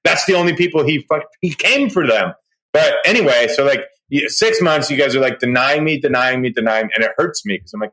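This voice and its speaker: A man hosting a podcast in casual chat, excitable and loud, ranting with sudden rises in pitch when worked up. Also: quick pace, rough recording. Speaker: podcast host.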